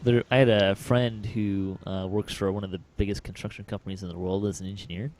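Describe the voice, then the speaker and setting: A man's voice: fairly low pitch, little pitch movement, a little fast, a little mellow, a little hiss or hum. A man hosting a podcast, chatting casually and telling stories with many fillers and small chuckles. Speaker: podcast host. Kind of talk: casual chat.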